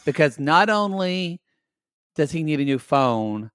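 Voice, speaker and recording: A man on a podcast, blunt and opinionated with crude words. His voice sits a little high and moves about a lot, recorded close and dry with no room sound. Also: very animated, measured pace, fairly bright tone, clean tone, no echo. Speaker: podcast co-host. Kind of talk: casual recap chat.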